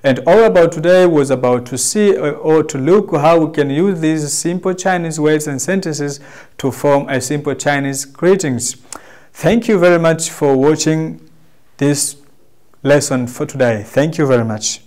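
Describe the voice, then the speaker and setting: A man with a Tanzanian accent teaching a language lesson, carefully demonstrating sounds and explaining them slowly to his students. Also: fairly high pitch, a little mellow.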